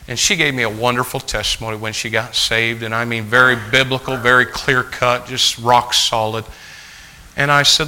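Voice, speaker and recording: A male preacher telling a folksy story in a sermon, animated, acting out the dialogue. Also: medium pitch, moderate pace, clean tone, low-quality recording.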